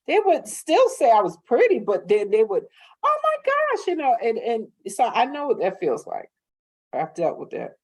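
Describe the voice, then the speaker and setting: Woman panelist; animated pitch, expressive and casual. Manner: expressive, swooping pitch when quoting others. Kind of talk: casual storytelling.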